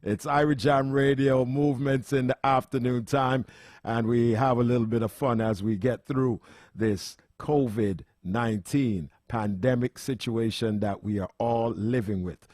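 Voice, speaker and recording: Male radio host, relaxed banter, mid pitch, dry studio sound. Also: measured pace, no room sound. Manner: laughing, playful banter. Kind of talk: casual radio chat.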